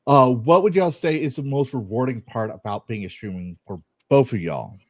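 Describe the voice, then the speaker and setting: A man's voice: mid-range voice, expressive, normal speed, no echo. A man with a faded Texas accent hosting a podcast, telling a profane, rambling story and laughing often. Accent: American, faded Texas. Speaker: podcast host. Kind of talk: casual chat.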